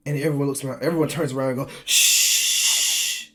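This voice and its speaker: A man's voice: mid-range voice, fairly even intonation, very fast, darkish tone. An American man in his twenties telling his own story in a casual vlog, chatty, laughing often and restarting his sentences. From United States. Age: 20s. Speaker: vlogger.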